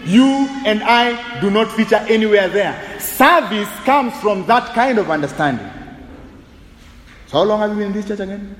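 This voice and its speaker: Animated preacher with a high voice. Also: male voice, normal speed, echoey room, in a large hall, a little hiss or hum, low-quality recording. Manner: animated, humorous, switching between English and Swahili. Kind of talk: sermon. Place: church sanctuary.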